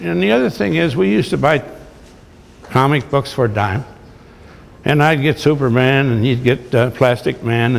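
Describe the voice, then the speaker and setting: A retired baseball manager, now an older man, delivers folksy, blunt anecdotes with a salty edge to a crowd in a large hall. His mid-range voice is creaky, and the echoey recording has a little hiss or hum.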